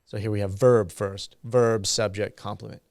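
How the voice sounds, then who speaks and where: A man giving a university grammar lecture, slow and halting with frequent ums and uhs. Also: lowish voice, steady tone, a little mellow, no echo, clean studio sound.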